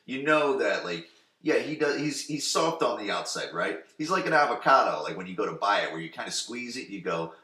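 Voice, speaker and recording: A man's voice: lowish voice, fast talker. Rambling, swearing young podcast man. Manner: rambling, profane, animated. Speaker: podcast host. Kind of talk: casual episode recap. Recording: roomy echo.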